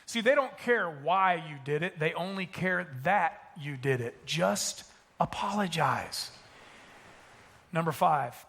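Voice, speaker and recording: A man preaching a sermon as a pastor. He talks emphatically and slows down to repeat his key points. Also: on the high side, lively intonation, gravelly, a bit bright, slightly rough. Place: church auditorium stage.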